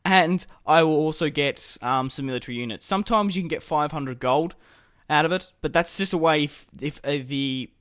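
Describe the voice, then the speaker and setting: Man, gaming commentary, casual, thinking aloud, smooth clear voice, dry close sound. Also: fairly high pitch, fairly bright tone, dry recording. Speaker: gaming YouTuber. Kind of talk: strategy game commentary.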